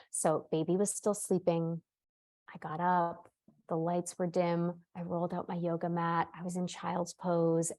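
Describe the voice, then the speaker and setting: A woman in her thirties telling an animated, laughter-filled story on a podcast, often repeating words. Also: on the low side. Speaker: podcast co-host. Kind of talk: casual storytelling.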